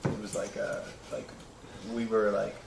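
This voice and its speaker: A young man in his twenties talking casually in a flat manner. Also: on the low side, unhurried, vocal fry, background noise. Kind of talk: casual chat. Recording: roomy, far from the mic, loud clatter.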